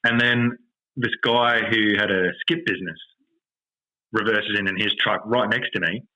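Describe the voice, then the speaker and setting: An Australian man hosting a podcast, telling a story in an animated, exasperated rant with lots of swearing. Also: fairly low pitch, moderate pace, low-quality recording. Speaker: podcast host. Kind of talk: casual storytelling chat.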